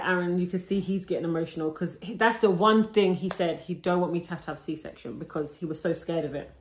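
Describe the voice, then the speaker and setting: A young woman telling her labour story to her camera in a chatty, breathless way, full of likes and restarts. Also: lowish voice. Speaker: vlogger. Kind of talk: casual storytime. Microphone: camera she films herself with. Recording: roomy echo.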